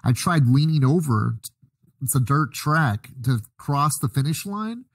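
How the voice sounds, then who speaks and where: Easygoing man with a husky voice. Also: a little high, animated, a little slow, dry recording. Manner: easygoing anecdotal storyteller. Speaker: podcast co-host. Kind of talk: casual chat.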